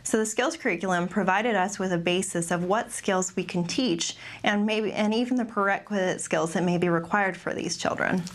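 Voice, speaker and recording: A woman's voice: medium pitch, moderate pace, hardly any pauses. Woman presenting a clinical webinar. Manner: careful, with frequent ums and restarts. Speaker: behavior analyst presenter.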